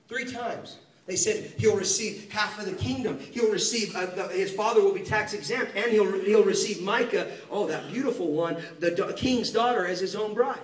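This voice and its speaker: A man preaching a sermon, telling a story with lively acted-out dialogue and direct questions to the congregation. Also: sits high, normal speed. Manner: animated storytelling, acting out biblical dialogue. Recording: echoey room, mic at a distance.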